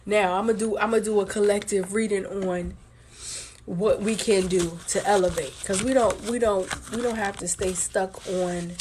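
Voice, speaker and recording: A woman's voice: mid-range voice, fairly even intonation, normal speed, a little mellow, slight background noise. A woman doing a casual live stream card reading for viewers, with a sore throat and a held-back cough. She talks bluntly with lots of swearing and repeats her points for emphasis.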